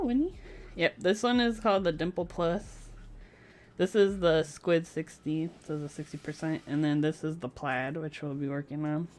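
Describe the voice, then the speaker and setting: A woman's voice: lowish voice, a little mellow. A woman chatting casually on a live stream from home, giggling often between remarks.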